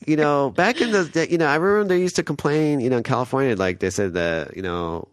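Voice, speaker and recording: This podcast co-host talks fast in a medium-pitched voice, rambling through casual chat with many restarts. The sound is clean studio audio with no room sound.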